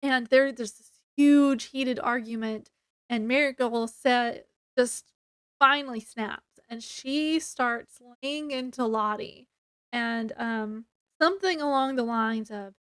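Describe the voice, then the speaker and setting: Chatty high-voiced woman reviewing a book. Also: takes it slowly, fairly bright tone, clear, resonant tone, no echo, clean studio sound. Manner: chatty, many fillers, acts out quotes. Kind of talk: casual book review retelling.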